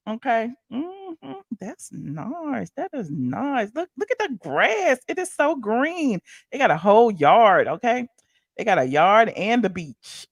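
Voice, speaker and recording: A woman hosting a casual live-stream commentary, animated and excitable, chatting with her viewers in asides. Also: on the high side, no echo, studio quality. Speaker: commentary channel host.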